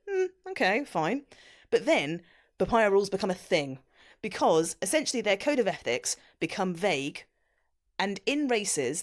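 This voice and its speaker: A woman co-hosting a casual podcast, chatty and quick to laugh as she explains things. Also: fairly low pitch. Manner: chatty, lively, laughs often. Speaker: podcast co-host.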